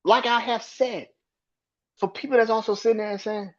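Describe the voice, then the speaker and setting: A man's voice: high-pitched, lively intonation, a little fast, darkish tone, lo-fi sound. A man hosting a solo sports podcast, ranting with heated profanity and arguing back at imagined critics. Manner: emphatic, argues with imagined critics.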